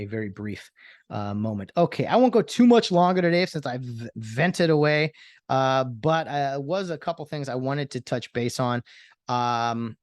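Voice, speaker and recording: A man talks through a story as a casual host. He rambles earnestly, stopping and restarting with plenty of "uh" and "um." His voice sits at an ordinary middle pitch, and the recording is dry and close with no room sound. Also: no room sound. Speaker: podcast host.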